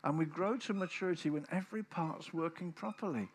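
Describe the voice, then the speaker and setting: Older man, husky voice, preaching, lively storytelling with acted-out voices. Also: a little high, brisk. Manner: animated storytelling, acting out quoted voices. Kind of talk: sermon.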